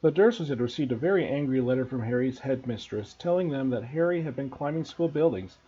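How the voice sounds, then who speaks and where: A man, a teacher, reading a children's novel aloud to students in an expressive storybook narration. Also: medium pitch, a little fast, husky, dull audio.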